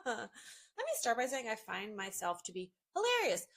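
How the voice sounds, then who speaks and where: A woman's voice: huge pitch swings, normal speed, fairly bright tone, breathy edge. Bubbly self-mocking woman telling a story. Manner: bubbly and self-mocking, acts out quotes with big pitch jumps. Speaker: family photographer. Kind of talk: casual storytelling to camera.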